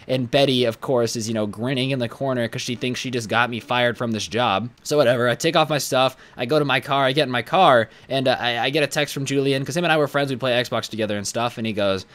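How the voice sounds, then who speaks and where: A young man telling a storytime vlog in a blunt, animated, profane way. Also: mid-range voice, fast, hardly any pauses. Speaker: YouTuber.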